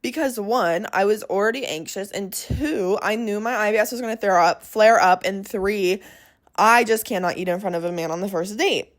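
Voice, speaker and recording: Young woman, podcast host, chatty storytelling, dramatic asides. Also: mid-range voice. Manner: chatty, dramatic, quick shifts into quoted voices. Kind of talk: casual storytelling monologue.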